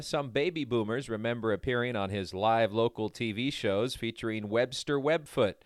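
A man hosting a radio show, reading a scripted introduction in an earnest, steady way. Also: mid-range voice, clean tone, dry recording, studio quality.

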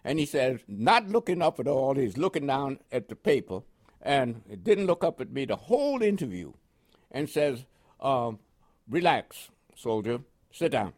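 Animated older man telling a story. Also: medium pitch, moderate pace. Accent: New York with West Indian inflections. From Panama. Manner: animated storyteller with laughs and quoted dialogue. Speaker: interviewee, veteran. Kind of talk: oral history storytelling.

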